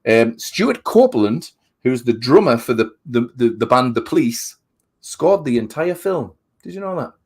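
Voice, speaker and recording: A man co-hosting a horror movie chat in a lively, up-and-down voice. He swears freely, stumbles over repeated words, and slips into acted-out lines when he retells scenes. He keeps it casual and loose. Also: medium pitch, moderate pace, slightly rough. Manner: animated, swears often, acts out quotes; repeats words while thinking. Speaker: podcast co-host. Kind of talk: casual film review chat.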